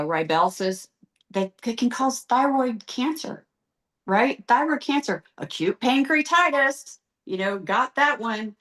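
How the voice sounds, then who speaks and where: A woman's voice: fairly high pitch, a bit bright. Earnest middle-aged woman guest. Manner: earnest, emotional, lists terms rapidly. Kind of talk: podcast interview.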